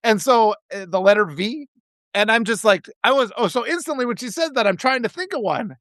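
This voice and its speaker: Animated middle-aged man, rambling chat. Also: high voice, fairly quick, no echo, clean studio sound. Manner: rambling, animated, frequent restarts and laughs. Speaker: author and live-stream host. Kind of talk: casual live-stream chat.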